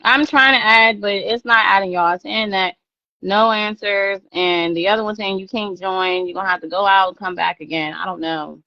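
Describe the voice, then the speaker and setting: A woman's voice: mid-range voice, fairly even intonation, moderate pace, no echo, highs cut off. A woman live-streaming a heated rant, confrontational and profane, hammering her points by repeating them.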